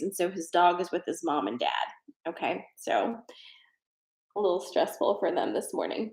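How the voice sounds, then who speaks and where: A woman's voice: lowish voice, roomy sound. A woman hosting a tarot and energy livestream, chatting casually and leading a guided breathing exercise. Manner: chatty, rambling, many fillers.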